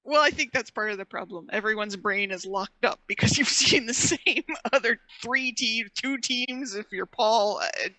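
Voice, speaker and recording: A woman's voice: a little high, normal speed, hardly any pauses, sharp tone. A woman co-hosting a casual podcast chat, arguing her point and explaining at length with a laugh. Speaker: podcast co-host.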